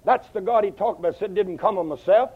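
A man preaching a sermon in an animated way, quoting scripture in old English wording and swinging his pitch widely. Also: quick pace, breathy edge. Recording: dull lo-fi old sermon tape.

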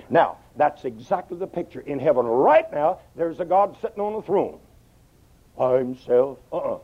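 A man preaching a sermon in an animated way, quoting scripture in old English wording and swinging his pitch widely. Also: moderate pace. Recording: dull lo-fi old sermon tape.

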